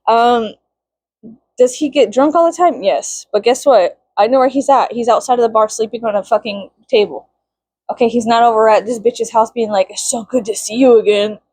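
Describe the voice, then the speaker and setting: Profane, animated young woman venting. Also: a little high, normal speed, no room sound. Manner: profane, animated, shrieks in mock outrage. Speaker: vlogger. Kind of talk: casual venting monologue.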